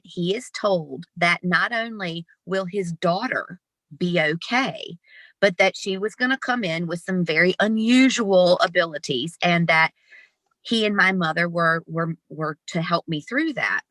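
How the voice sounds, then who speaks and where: A woman in her fifties, an animated guest telling stories with laughs in an interview over a video call. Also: fairly low pitch, no room sound. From Southern United States. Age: 50s. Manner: animated, laughing, lively storyteller. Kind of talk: storytelling interview.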